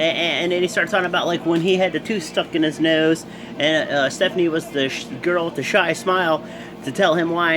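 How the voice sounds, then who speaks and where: A man hosting his own channel, giving a casual, rambling recap full of fillers and restarts, animated as he goes. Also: a little high, noisy background. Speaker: host. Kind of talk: casual wrestling show recap.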